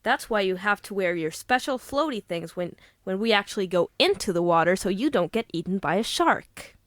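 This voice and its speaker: A woman's voice: mid-range voice, animated, fairly quick, no echo, studio quality, lightly acted. A young woman playing a breezy, self-satisfied mother in an improv comedy scene. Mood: smug.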